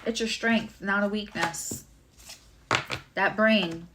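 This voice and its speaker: A woman's voice: medium pitch, slow, noisy background. A woman giving a casual live tarot and astrology reading, chatty and rambling with many fillers and asides.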